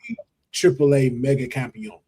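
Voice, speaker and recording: A man's voice: mid-range voice, moderate pace, mellow, breathy edge. A man hosting a podcast, chatting casually and often trailing off and restarting. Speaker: podcast host. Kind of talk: casual wrestling chat.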